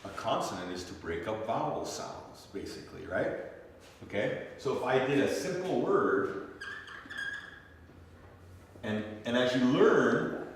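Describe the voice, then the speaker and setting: A man's voice: medium pitch, animated, a little slow, long pauses, recorded from a distance, slight background noise. Man teaching a class in an echoey room. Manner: checks in often with "okay?" and "you see?". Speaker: language teacher. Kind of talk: classroom lesson.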